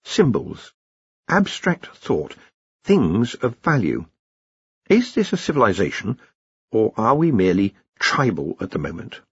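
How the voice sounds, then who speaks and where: A man voicing an earnest young male wizard scholar who talks slowly and carefully in a raised voice. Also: lowish voice, sing-song, breathy edge, no room sound, dull audio, heavily acted. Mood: musing.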